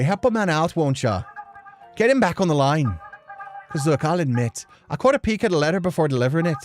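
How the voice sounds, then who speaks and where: Woman doing a male mouse deliveryman, Irish accent, jittery and pleading, lively game character voice. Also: low voice. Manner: pleading, talky, theatrical. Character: fast-talking anxious male mouse deliveryman. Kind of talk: let's play voice acting.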